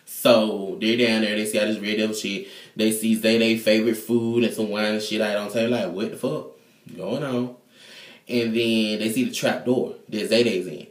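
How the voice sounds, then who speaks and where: A man's voice: on the low side, normal speed. Man recapping a TV episode, slangy. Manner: animated, slangy retelling. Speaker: TV show reviewer. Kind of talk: casual profane episode recap. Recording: echoey room.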